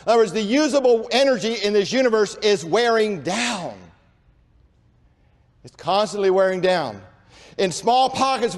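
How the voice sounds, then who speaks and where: A man giving an emphatic preaching lecture to an audience, talking in long unbroken runs with few breaths and slowing down on key points. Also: sits high, darkish tone. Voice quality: says he has a speech impediment and talks without pausing for breath. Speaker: creationist speaker. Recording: long hall reverb.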